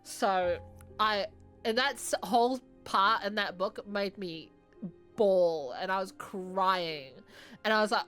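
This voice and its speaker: A woman's voice: medium pitch, slow, fairly bright tone, soft background music. A woman streamer chatting casually over gameplay, hesitant and trailing off.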